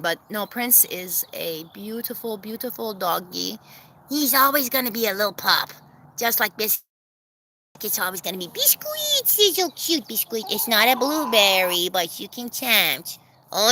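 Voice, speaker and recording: Bright-voiced lady chatting w her livestream by the chicken coop, lots of shout-outs, bouncy pitch, faint outdoor hum. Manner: chatty, gives viewers shout-outs, laughs often; calls to her hens in a very high sing-song voice. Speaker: vlogger hosting a livestream premiere. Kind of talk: casual livestream chat.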